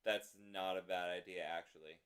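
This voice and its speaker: Live-streaming while working out drum parts, a man chats casually with himself and his viewers, muttering, humming rhythms under his breath, and reading chat aloud as he composes. His voice sits low, smooth and a bit bright, with flat delivery at normal speed.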